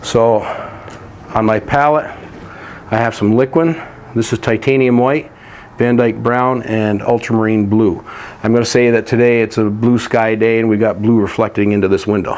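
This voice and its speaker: A man teaching a painting lesson, walking through each step in a relaxed, practical way while he works. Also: fairly low pitch, moderate pace. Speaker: painting instructor.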